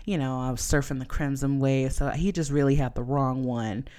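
A woman podcast host telling a personal story in a chatty, animated way, full of "like" and "you know". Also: a bass voice, moderate pace, clear, resonant tone. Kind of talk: casual storytelling monologue.

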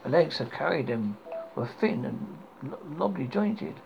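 A man hosting a horror podcast, reading a dark story aloud with stumbles and restarts. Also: a little high, animated, unhurried, gravelly. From United Kingdom. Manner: stumbling, self-correcting reading. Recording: dull lo-fi recording with faint hiss.

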